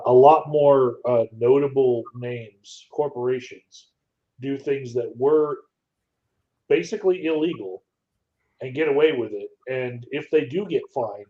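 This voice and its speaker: A man speaks in a measured, deliberate way during a casual chat. His voice is mellow and dark, middle in pitch. The recording is dull and lo-fi. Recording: dull lo-fi audio.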